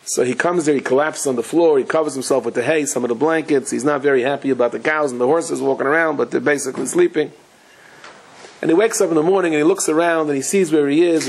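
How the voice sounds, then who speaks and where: A rabbi giving a Torah lecture, telling stories in a lively way with Yiddish and Hebrew terms mixed in. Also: male voice, mid-range voice, a little fast, slightly rough, low-quality recording. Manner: animated storytelling, sprinkled with Yiddish and Hebrew terms.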